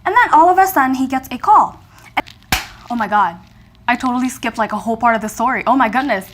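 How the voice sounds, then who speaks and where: A young woman from Kenya telling a storytime vlog in a lively, slangy way, acting out her reactions in dialogue. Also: on the high side, fast. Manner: animated, acts out her own reactions in dialogue, slangy asides. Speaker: vlogger.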